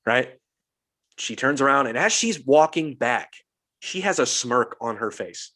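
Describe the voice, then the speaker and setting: A man's voice: medium pitch, animated, a little slow, bright, forceful tone. A young adult man, a podcast host, telling a story in casual chat, acting out the quotes and swearing freely.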